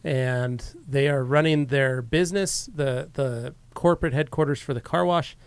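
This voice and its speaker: A man's voice: mid-range voice, moderate pace, smooth, no echo. A man co-hosting a podcast, telling an easygoing story in casual chat with lots of fillers. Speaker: podcast co-host.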